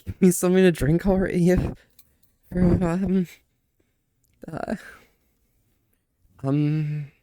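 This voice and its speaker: A man's voice: high voice, steady tone, slow, long pauses, warm tone. A man hosting a live stream in a casual, playful and flirty way, laughing often and stammering through restarts. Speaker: livestream host.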